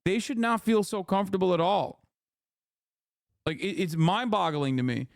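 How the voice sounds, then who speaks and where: A man's voice: high-pitched, normal speed, gravelly, dry recording, clean studio sound. A man giving heated, profane reaction commentary on a livestream, ranting and mocking what he reads. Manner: mocking quoted voices. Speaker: streamer.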